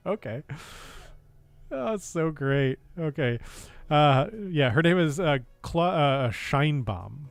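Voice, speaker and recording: An American man streaming casual political commentary, sarcastic and laughing often, with halting speech full of fillers and restarts. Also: a little high, expressive, vocal fry, dry recording, soft background music. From United States.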